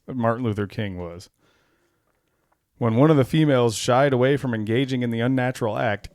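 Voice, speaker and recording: A man's voice: mid-range voice, a little mellow, dry recording, clean studio sound. A man co-hosting a casual podcast chat, reading documents aloud, laughing often and swearing as he gets worked up. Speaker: podcast co-host.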